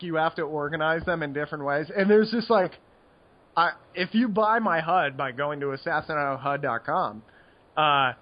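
A man with a fairly high voice chats on a podcast in a loose, rambling way. He laughs a lot and keeps saying "like". The audio is dull and lo-fi. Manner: rambling, laughs often, lots of "like". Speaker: podcast co-host, poker player. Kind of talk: casual chat.

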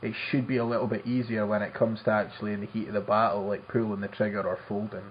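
A man co-hosting a poker podcast. He speaks in a measured, steady way and reads out and sums up a listener's email. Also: fairly low pitch, breathy edge, highs cut off. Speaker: podcast co-host. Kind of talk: casual podcast chat and reading listener mail.

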